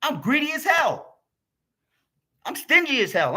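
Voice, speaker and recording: Though very animated, this American YouTuber takes his time, rambling through an angry vlog rant full of swearing. His voice is pitched high for a man, bright and forceful.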